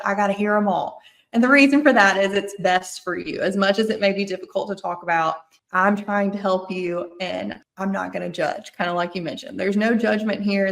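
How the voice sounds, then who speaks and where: A woman with a Mississippi accent speaks in a mid-range voice with vocal fry. An attorney appearing on a podcast, she explains estate planning earnestly and thoroughly, often restating her points.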